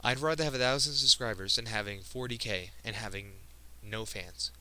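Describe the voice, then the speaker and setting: A man's voice: on the low side, sharp tone, clear, resonant tone, low-quality recording. A young man in his teens speaking in a personal vlog monologue. He sounds emotional and earnest, stops and restarts often, and stumbles over his words. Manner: earnest, halting, frequent restarts. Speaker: video creator.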